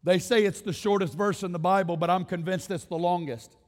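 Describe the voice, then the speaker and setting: A high-voiced man delivers a sermon with brisk, steady-toned, rising passion, piling phrase upon phrase in repetitive rhetorical build-ups. He directs the congregation to answer back, and his voice rings through a church sanctuary with long, lingering reverb.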